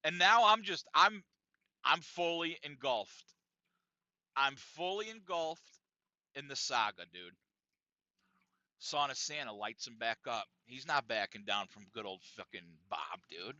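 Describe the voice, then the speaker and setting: Laughing frequently and cursing freely, a man hosting a podcast spins a lively, casual story. He speaks slowly in a mid-range voice with long pauses, and the dull, lo-fi recording is dry with no room sound.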